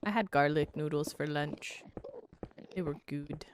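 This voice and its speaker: Low-voiced woman bantering with chat. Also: measured pace, noisy background. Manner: reading chat aloud and bantering, swears freely. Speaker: streamer. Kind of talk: casual live-stream chat while gaming.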